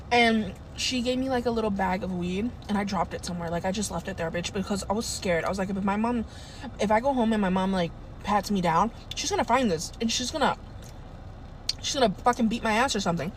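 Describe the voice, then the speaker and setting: A young woman telling a casual storytime anecdote in a profane, animated way. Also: medium pitch, slight background noise. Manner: profane, animated, swears a lot.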